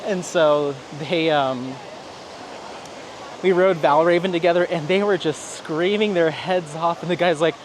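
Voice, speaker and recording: A man talks while out on a stroll, his voice sitting a bit higher than most men's. His storytelling rambles and chats along, and he slips into quoted lines as he goes. Faint outdoor traffic murmurs behind him. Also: unhurried. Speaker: vlogger. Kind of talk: casual vlog on a stroll. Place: outdoors, walking.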